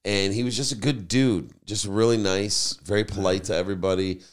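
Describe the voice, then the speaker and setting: A man's voice: lowish voice, fairly even intonation, a little fast. A male podcast host in casual chat, telling a rambling anecdote full of "you know".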